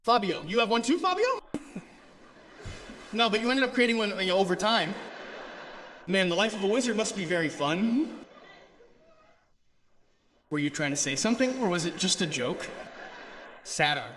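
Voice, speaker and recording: A man's voice: high-pitched, animated, normal speed, long pauses, fairly bright tone, slight background noise. A man from Brazil doing stand-up crowd work, teasing audience members and laughing often. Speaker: stand-up comedian. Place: comedy stage before an audience.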